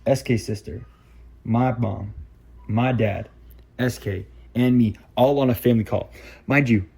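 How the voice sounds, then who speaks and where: A man in his twenties casually telling a story, quick and full of "like" fillers. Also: medium pitch, steady tone, gravelly, darkish tone, husky. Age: 20s. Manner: fast, filler-heavy, lots of "like". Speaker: vlogger.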